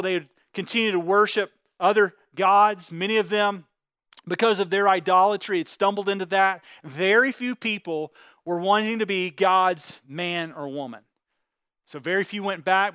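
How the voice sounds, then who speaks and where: A high-pitched man delivers a fervent sermon, putting scripture into plain everyday talk. His voice comes across close and dry, with no room sound around it. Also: a bit bright, clear, resonant tone, dry recording. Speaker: pastor.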